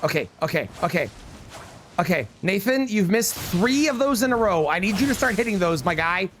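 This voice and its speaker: Excitable, yelling game streamer. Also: medium pitch, normal speed, slight background noise. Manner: excitable, yelling, swearing, laughing; pleads with teammates by name. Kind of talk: live gameplay commentary.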